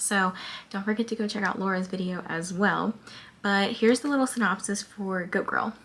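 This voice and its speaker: A woman book vlogger chatting casually about her reading and reading book blurbs aloud, with a lot of "like" fillers. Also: medium pitch. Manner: chatty, filler-heavy with frequent "like".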